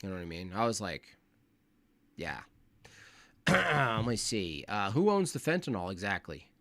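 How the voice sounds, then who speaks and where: A man's voice: fairly low pitch, big pitch swings, unhurried, pushed and bright. A man hosting a casual livestream, reacting to videos and reading viewer messages in an exasperated, rambling, slangy manner. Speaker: streamer reviewing videos.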